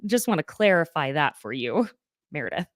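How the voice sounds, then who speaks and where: A woman's voice: low-pitched, big pitch swings, normal speed, no room sound, studio quality. A young adult woman with a slight Southern accent, hosting a casual gossip recap and laughing often. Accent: Southern American. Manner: chatty, laughs often, reads quotes aloud. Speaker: podcast host.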